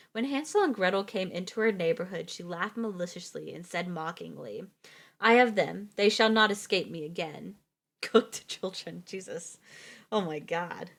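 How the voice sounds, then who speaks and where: A young woman streamer reading fairytales aloud, who drifts into chatty asides. She laughs easily and corrects her own slips as she goes. Her voice sits in a middle register. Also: mid-range voice.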